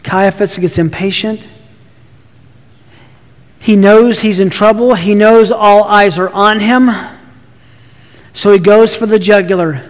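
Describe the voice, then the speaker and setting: A man's voice: sits high, fairly even intonation, slow pace, pauses often, long reverb tail. A man preaching a sermon, emphatic, often restarting his words as he builds his points. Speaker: pastor.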